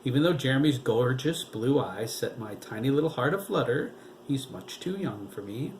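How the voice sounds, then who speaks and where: Male reader voicing a lisping campy male tailor, theatrical and flirty, a little higher than the narration. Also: animated, normal speed, a little mellow, slight background noise, lightly acted. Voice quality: lisp.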